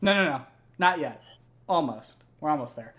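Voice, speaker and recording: A man's voice: a little high, expressive, normal speed, fairly bright tone. A young man casually recounting video game lore, rambling and swearing, with plenty of fillers. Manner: rambling, profane, many fillers. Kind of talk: casual chat.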